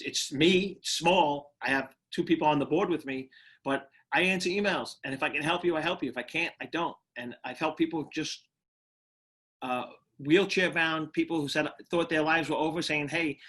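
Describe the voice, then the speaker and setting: A man's voice: on the high side, normal speed, a bit bright. Middle-aged new york guy chatting on an interview, keeps restarting his sentences. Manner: repeats words and restarts often, laughs easily. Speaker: guest, retired firefighter and motivational speaker. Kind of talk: casual interview storytelling.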